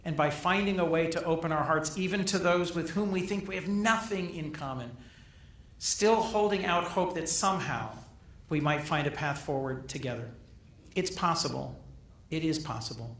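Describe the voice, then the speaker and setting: A middle-aged man addresses a gala crowd in formal, emphatic oratory, often repeating his key phrases. His voice sits somewhat high. The hall's reverb is strong, and the mic catches him from some distance. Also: normal speed, fairly bright tone. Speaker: senator giving a gala speech. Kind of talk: formal political speech. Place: large banquet hall. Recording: echoey hall, captured from a distance.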